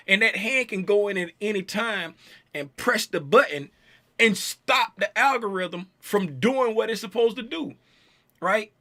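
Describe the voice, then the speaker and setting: A man's voice: sits high, pushed and bright. A man teaching a live-streamed trading chart lesson, playful and teasing, repeating himself and talking to his chat viewers. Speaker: trading coach.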